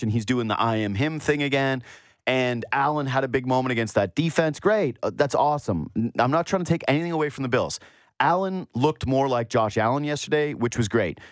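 A man's voice: moderate pace, no room sound, studio quality. A man hosting a sports show, talking casually and animatedly, rambling through his thoughts. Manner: animated, rambling, mimics quotes in a higher voice. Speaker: sports radio host.

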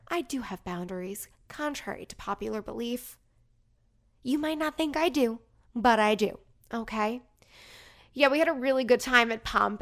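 Chatty woman with a gravelly edge. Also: fairly high pitch. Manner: gossipy, animated storytelling. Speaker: podcast host. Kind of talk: casual chat.

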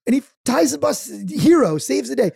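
Gravelly animated New storyteller man. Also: very high-pitched, moderate pace, no echo, studio quality. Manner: animated storyteller, acts out quotes loudly. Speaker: podcast co-host. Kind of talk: casual chat, storytelling.

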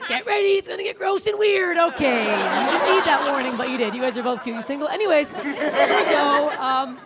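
A woman's voice: high voice, animated, brisk. A woman from Canada performing a crude stand-up set, teasing the audience and laughing through her lines. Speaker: stand-up comic. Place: comedy club stage. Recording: live club recording with loud crowd and noise.

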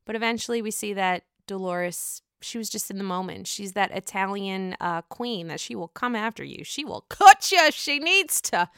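A woman chats through a reality show recap in a bright, tense voice. Her tone is smooth and crisp, and the sound is dry and close. She talks in a gossipy, animated way and swears freely. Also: medium pitch, moderate pace, hardly any pauses, no echo. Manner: gossipy, profane, animated reactions. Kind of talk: casual recap vlog.

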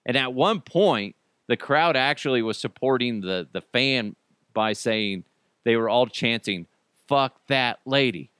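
A man's voice: mid-range voice, measured pace, a bit bright, smooth, dry recording, studio quality. A middle-aged man hosting a podcast, telling stories in casual, profane chat and laughing often. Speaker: podcast host.

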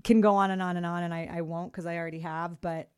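A woman co-hosting a podcast, chatting casually with friends and talking in warm, effusive bursts with frequent restarts. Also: lowish voice, little pitch movement, fast talker, smooth, dry recording, clean studio sound. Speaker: podcast co-host.

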